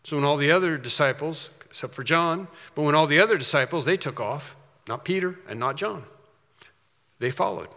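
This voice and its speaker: A man preaching a sermon as pastor, swelling to loud, slowed emphasis on key phrases and dropping back to a quieter tone. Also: on the high side, lively intonation, creaky, big-room sound.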